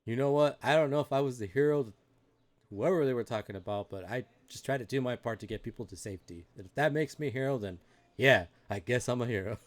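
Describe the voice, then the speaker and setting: A man's voice: medium pitch, fast, natural voice. A man voicing an anxious young man who stammers and talks earnestly in a tabletop game. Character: anxious young man searching for his friend.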